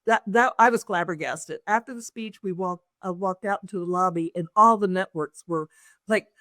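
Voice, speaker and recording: A woman's voice: on the low side, moderate pace, bright, forceful tone, no echo, studio quality. A woman, an author and business owner, telling a personal story in an interview and acting out other people's lines as she goes.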